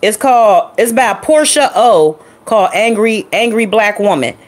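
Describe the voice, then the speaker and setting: A woman's voice: mid-range voice, lively intonation, a little slow. A woman vlogger chatting loosely and off the cuff to her viewers, calling them y'all. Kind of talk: casual impromptu vlog chat.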